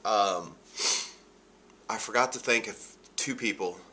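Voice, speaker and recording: A man's voice: on the low side, measured pace, sharp tone, slight background noise. A man talking casually in a video diary, a bit nasal from allergies, chatty and upbeat. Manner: chatty, upbeat, laughs often. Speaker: vlogger.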